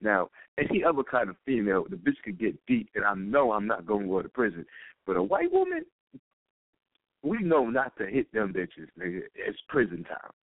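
A man's voice: mid-range voice, huge pitch swings, normal speed, gravelly, no echo. A man calling in to an internet radio show, talking in a profane, rambling, heated rant. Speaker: caller. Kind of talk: call-in radio talk. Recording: dry tinny phone line.

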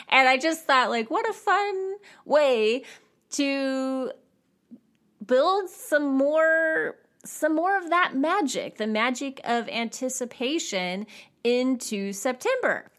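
A woman in her forties hosting her own podcast, talking casually and expressively in a solo episode. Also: takes it slowly. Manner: chatty and expressive, with jumps in pitch. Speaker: podcast host.

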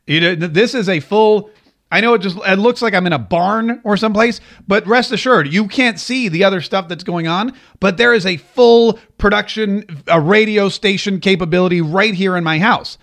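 A man's voice: sits high, moderate pace, a bit bright. Joking man hosting his own show. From Jacksonville, Florida area. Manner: joking, self-mocking, rambling. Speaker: radio and podcast host. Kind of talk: casual comedic monologue. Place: home broadcast studio.

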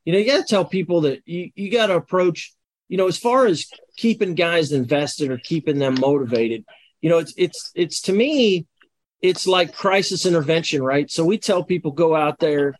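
A man's voice: fairly high pitch, normal speed, no echo. A man speaking as a guest in a casual panel discussion, direct and emphatic when he makes his points. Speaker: panel guest, fire officer.

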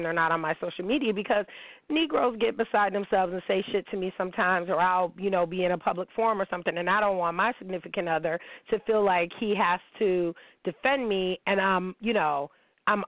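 A woman's voice: on the low side, no echo. A woman radio host in her thirties talking bluntly and profanely in a candid, sassy monologue. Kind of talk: candid casual talk monologue. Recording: dry tinny phone-like radio sound.

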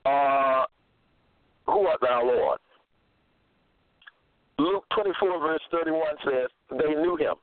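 A man delivering a self-made religious monologue. He cites scripture references and pauses to search for verses. He repeats his points insistently. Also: a little high, no echo. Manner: halting, searching for verses aloud; repetitive, insistent. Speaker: preacher. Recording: narrow phone-like sound, dry.

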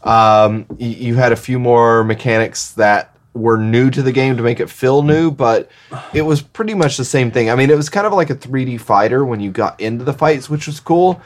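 Man co-hosting a relaxed gaming chat. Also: mid-range voice, normal speed. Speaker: podcast co-host. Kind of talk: casual chat.

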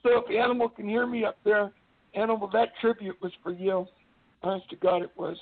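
A man tells rambling stories as a guest on a call-in show. His voice is gravelly and a little husky. The sound is thin and tinny, like a phone line. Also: sits high, fairly even intonation, fairly quick. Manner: rambling storyteller, does wrestler impressions. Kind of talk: casual chat.

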